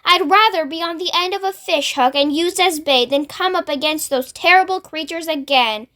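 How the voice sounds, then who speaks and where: A woman's voice: very high-pitched, moderate pace, bright, forceful tone, pitched above the performer's own voice. A woman voicing an old green grasshopper that wails and exclaims in a storybook reading. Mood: wailing. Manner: wailing, exclamatory.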